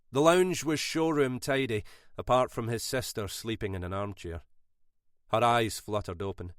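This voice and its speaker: A man narrating a thriller audiobook in a measured, unhurried way. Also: on the low side, expressive, clear, resonant tone, dry recording, clean studio sound.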